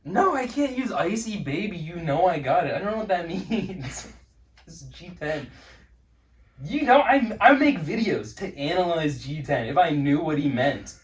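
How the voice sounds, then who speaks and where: A man's voice: fairly high pitch, sing-song, moderate pace, far from the mic. A young man hosting a casual quiz with a friend, reading lyrics aloud and laughing often. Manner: laughs often, reads lines with mock flair. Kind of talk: casual chat.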